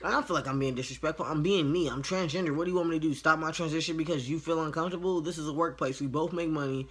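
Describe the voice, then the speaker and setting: A man's voice: on the high side, fairly even intonation, very fast, breathy edge. A man casually telling a work story to camera, frank and profane, acting out each side of the conversation. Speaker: line cook.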